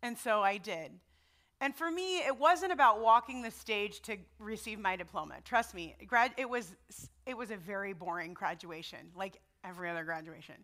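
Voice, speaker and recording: A woman's voice: mid-range voice, normal speed, fairly bright tone. A middle-aged woman giving a sermon in a personal, conversational way, often checking in with her listeners. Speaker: preacher.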